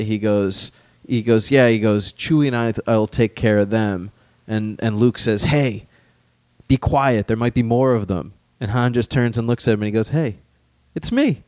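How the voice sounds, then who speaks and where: A man co-hosting a podcast in casual chat, rambling and slowing down to retell scenes. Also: lowish voice, a little mellow, clean tone, no echo. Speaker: podcast co-host.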